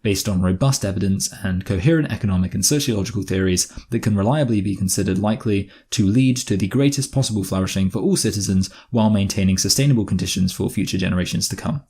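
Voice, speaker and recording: A man's voice: on the low side, fast talker, hardly any pauses, mellow, slightly rough. A man voicing an all-powerful male ruler making a grand proclamation to his citizens. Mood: proclaiming.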